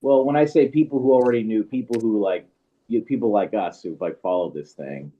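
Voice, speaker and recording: A man's voice: fairly low pitch, brisk. A man co-hosting a casual livestream, sounding skeptical and hesitant, with many "you know"s. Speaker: co-host. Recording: dull lo-fi audio.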